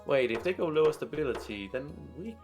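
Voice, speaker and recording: A man's voice: on the high side, lively intonation, fairly quick, a little mellow, faint music behind. A man playing a streamed role-play game who often stops to ask questions in confusion. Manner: puzzled, questioning. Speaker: player.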